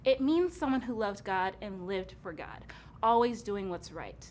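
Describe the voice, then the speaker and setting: A woman co-hosting a kids' church show, patiently telling a Bible story in a gentle, amused way. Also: mid-range voice, expressive, measured pace, a little hiss or hum.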